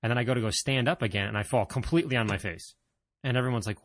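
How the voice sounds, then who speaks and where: A man's voice: medium pitch, rapid-fire, no echo, studio quality. A man telling a personal story to his viewers in a casual, rambling way, with plenty of fillers, self-corrections and self-deprecating humor. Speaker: vlogger.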